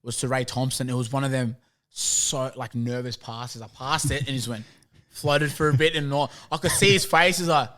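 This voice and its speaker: A man's voice: medium pitch, moderate pace. Laid-back Australian man telling a footy story. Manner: animated, laughing, acts out quoted dialogue. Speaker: podcast guest, rugby league player. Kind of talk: casual storytelling chat.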